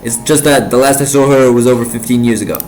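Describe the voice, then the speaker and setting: A man reading the lines of a quiet young woman in a video game, in his own subdued voice. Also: mid-range voice, steady tone, fast, close to an everyday voice, low-quality recording. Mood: wistful.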